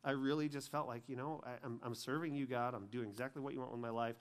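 Earnest man giving a sermon testimony, mid-pitched, emotional, halting. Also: fairly even intonation, clear, resonant tone. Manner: emotional, earnest storytelling with many fillers and restarts. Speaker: speaker sharing testimony.

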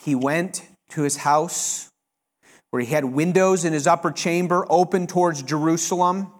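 A male pastor preaching a sermon, reading scripture aloud with expressive emphasis and breaking into explanatory asides. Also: on the high side, normal speed.

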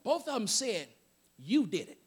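A high-voiced male pastor preaches with a lively, swooping delivery. He calls out to his congregation in a cadence and breaks into joking asides. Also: normal speed, husky. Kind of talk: sermon. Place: church sanctuary.

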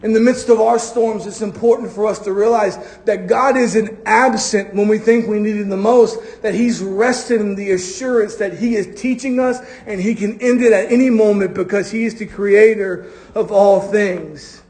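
High-voiced man preaching a sermon. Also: fairly even intonation, darkish tone. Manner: preaching with drawn-out emphatic phrases and acted quotes. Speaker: pastor. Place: church.

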